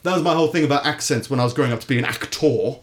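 A man with an English accent co-hosting a casual podcast chat. He talks in a sardonic, rambling way and lets his sentences trail off into mumbles. His voice sits at an ordinary middle pitch. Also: rapid-fire. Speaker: podcast co-host.

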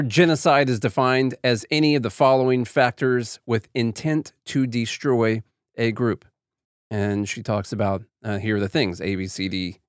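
A man's voice: mid-range voice, dry recording, clean studio sound. A man hosting a podcast, talking in a sarcastic, opinionated and rambling way. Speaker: podcast host. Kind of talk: casual commentary.

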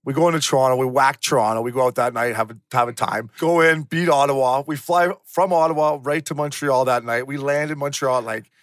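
Male co-host, rapid excitable talker, higher voice, dry studio. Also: dry recording. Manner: rapid, excitable, profane, laughing. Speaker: podcast co-host, former hockey player. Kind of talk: casual storytelling chat.

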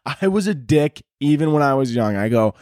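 A man's voice: medium pitch, lively intonation, normal speed, a little mellow, dry recording, clean studio sound. A young man hosting a solo podcast, telling stories in a crude, profane, joking way that rambles along. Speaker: podcast host. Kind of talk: casual solo podcast storytelling.

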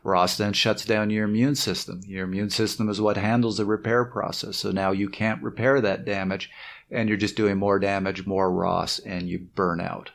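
A man co-hosting a podcast, explaining his points in a steady, summarizing way. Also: fairly low pitch, normal speed, vocal fry. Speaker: podcast co-host. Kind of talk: casual podcast chat.

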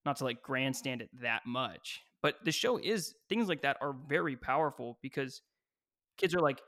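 A man guesting on a podcast, talking in a rambling, animated way and slipping into playful voices. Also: medium pitch, normal speed. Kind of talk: casual chat.

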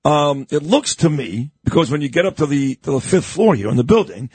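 A male radio host talks in a chatty, animated way, his pitch swinging widely. His voice is husky and somewhat high for a man. It is recorded dry and close in a studio. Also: brisk, dry recording. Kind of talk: casual radio interview. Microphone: studio microphone.

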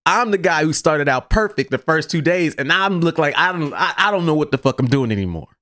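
A man hosting a podcast, telling a story in a casual, animated, profane way. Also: on the high side, brisk, no room sound, studio quality. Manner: animated, profane, laughs through his story. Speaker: podcast host.

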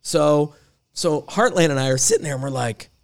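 A man's voice: fairly high pitch, moderate pace, gravelly. A middle-aged man hosting a casual chat, telling a rambling story and laughing through his lines. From Marietta. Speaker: podcast host.

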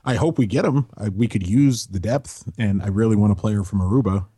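A man with a low, husky, mellow voice chats casually on a soccer podcast. He drifts into joking tangents and long asides. The sound is dry and close, with no room around it. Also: a little fast, no echo. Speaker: podcast co-host.

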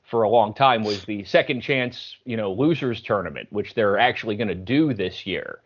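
A man's voice: lowish voice, moderate pace. A man from the Philadelphia area, a game show champion, chatting casually in an interview, self-deprecating and full of fillers. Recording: lo-fi muffled audio.

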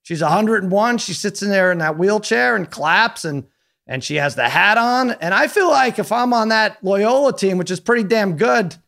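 A man co-hosting a sports talk show, chatty and quick to laugh as he runs through results. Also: high-pitched, animated, creaky, fairly bright tone. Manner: chatty, laughing, rattling off scores. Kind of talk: casual sports banter.

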